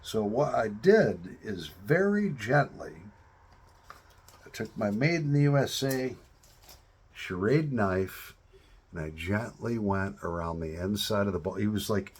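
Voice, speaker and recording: Slow, husky-voiced man chatting casually. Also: lowish voice. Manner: relaxed, rambling storytelling with drawn-out pauses. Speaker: pipe-smoking vlogger. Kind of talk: casual chat to camera.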